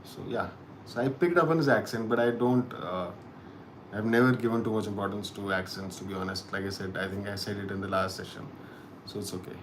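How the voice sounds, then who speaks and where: A man's voice: lowish voice, fairly even intonation, slight background noise. A man hosting a casual live-stream chat, musing aloud and often restarting his sentences. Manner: halting and musing, with frequent restarts. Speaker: host of a live chat show.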